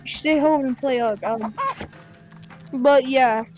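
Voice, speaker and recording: High-voiced young woman rambling to viewers. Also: slow, a little mellow, soft background music. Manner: rambling, many fillers and playful asides. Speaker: gaming channel host. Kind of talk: casual chat to viewers.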